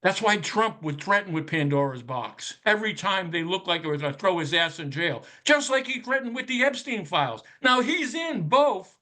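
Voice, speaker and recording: A man's voice: sits high, very animated, moderate pace, hardly any pauses, pushed and bright. A man giving a casual, ranting commentary on a podcast, profane and sardonic, firing off rhetorical questions in a conspiratorial tone.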